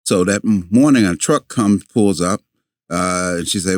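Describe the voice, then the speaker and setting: An older man, a podcast guest, telling a long story in a halting way with many fillers and restarts. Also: low-pitched, no room sound, clean studio sound.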